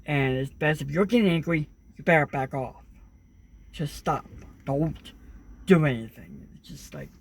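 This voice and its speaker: A man's voice: on the high side, measured pace, gravelly, a little hiss or hum. A young man talking earnestly in a casual monologue, rambling with many fillers and restarts. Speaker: vlogger.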